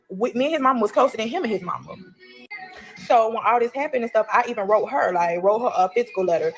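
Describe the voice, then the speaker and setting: A woman tells her own story at a brisk clip. She is blunt and animated and swears freely. Faint music plays behind her. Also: fairly high pitch. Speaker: storyteller recounting her prison release. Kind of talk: casual storytime.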